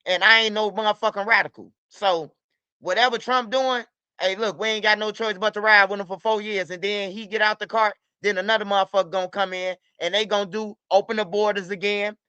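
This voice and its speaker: Male stream host, high and bright, profane and repetitive; dry, slightly muffled mic. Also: steady tone, fairly quick, clean tone, no echo. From United States. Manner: loose, profane, repetitive street talk. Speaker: livestream host. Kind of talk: casual livestream talk.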